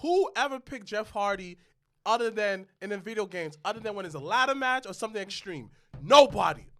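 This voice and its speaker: A man co-hosting a podcast in casual chat, loud and insistent, calling out to viewers. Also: high-pitched, lively intonation, fairly quick. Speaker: podcast co-host.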